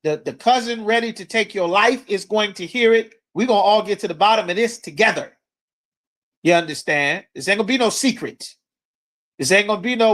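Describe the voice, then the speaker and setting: A man teaching scripture to a class in a blunt, forceful preaching manner with coarse language. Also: high-pitched, brisk. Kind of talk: street-corner scripture teaching.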